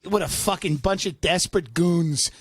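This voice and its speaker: A man in his thirties hosting a comedy podcast, ranting loudly and profanely. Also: on the high side, moderate pace, husky, dry recording. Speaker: podcast host.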